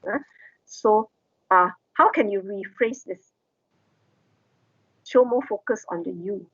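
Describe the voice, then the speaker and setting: A woman's voice: medium pitch, takes it slowly, fairly bright tone, no echo, highs cut off. A woman lecturer, explaining step by step and asking the class questions.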